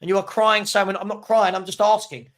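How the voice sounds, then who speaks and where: A man's voice: high voice, level tone, a little fast, fairly bright tone. A man hosting a live football watchalong, reacting to the match and answering viewers' chat with frequent chuckles. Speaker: host of a football fan watchalong.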